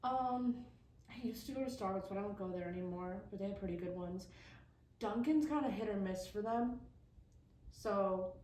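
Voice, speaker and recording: A young woman co-hosting a podcast, chatty and quick to laugh. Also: mid-range voice, warm tone. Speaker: podcast co-host. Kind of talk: casual chat. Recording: roomy echo, mic at a distance, faint hiss.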